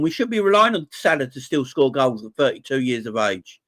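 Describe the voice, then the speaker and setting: In a medium-pitched, sing-song voice that's a bit bright and a little fast, a married father hosts a live fan chat stream about football. As the channel's host, he's passionate and emotional and tends to repeat himself.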